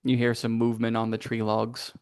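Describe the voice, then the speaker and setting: A man's voice: mid-range voice, monotone, a little fast, a little mellow, clean tone. Guy dm-ing a tabletop game, playful, acts out the scene with little sound effects, normal middle voice. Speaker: game master.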